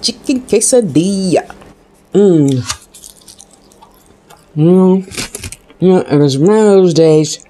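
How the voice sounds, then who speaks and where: A woman's voice: fairly low pitch, takes it slowly, long pauses, warm tone. A woman vlogger chatting casually while eating and talking with her mouth full. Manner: talks with mouth full, chewing and smacking. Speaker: food vlogger.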